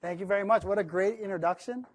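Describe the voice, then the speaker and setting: A man's voice: high voice, fast talker, some chatter behind. Chatty man giving a keynote talk. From East Coast United States. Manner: lively, chatty, often asks the audience questions. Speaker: keynote speaker. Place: large room with an audience.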